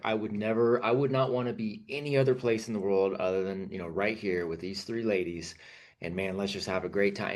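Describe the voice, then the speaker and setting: A man hosting a men's mentoring video call, casual and affirming, often saying "man.". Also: fairly low pitch. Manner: affirming, calls people man. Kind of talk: casual coaching chat.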